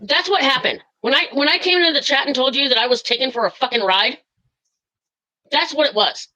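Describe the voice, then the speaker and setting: A woman calls into a live stream, furious and cursing as she rambles through what happened to her with lots of fillers. Her voice is high-pitched and sharp, she talks fairly quickly, and the recording is rough.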